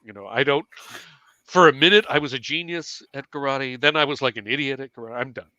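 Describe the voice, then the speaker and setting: A man spins a self-mocking story in a bright, forward voice, swearing freely as he goes. His delivery is animated and conversational, recorded dry with almost no room sound around him. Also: medium pitch, brisk, no room sound, muffled recording. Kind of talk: casual storytelling on a live stream.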